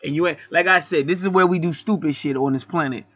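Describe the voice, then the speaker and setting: A man's voice: fairly high pitch, fast, a bit bright, slightly rough, no room sound. A man hosting a spiritual channel, delivering a blunt, profane, rambling monologue full of restarts. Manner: blunt, preachy, heavy swearing, rambling with restarts. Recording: dull lo-fi dry recording.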